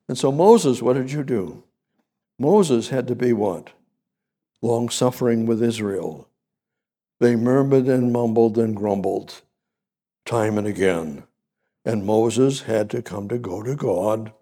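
A man delivers a sermon in a slow, deliberate cadence, leaning on repetition. His voice is dark and gravelly with a husky edge. He jumps up in pitch on key phrases. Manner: repetitive, emphatic preaching with sudden pitch rises. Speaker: preacher.

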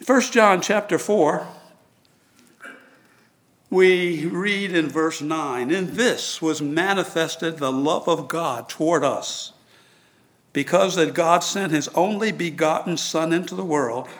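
A man preaching a sermon in a slow, earnest way, leaning on single words for emphasis. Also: on the high side, fairly bright tone. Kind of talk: sermon with sung verse.

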